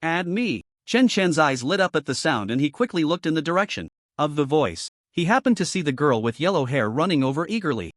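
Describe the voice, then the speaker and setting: A man's voice: fairly high pitch, animated, fairly quick, no echo, clean studio sound. A man narrating a comic story recap in a scripted reading.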